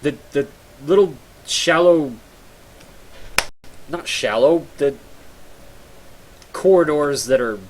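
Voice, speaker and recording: A man's voice: fairly high pitch, slow, pauses often, a little hiss or hum. A tired young man chatting casually and self-mockingly to viewers while streaming a game, rambling and joking at himself. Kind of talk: casual live-stream chat.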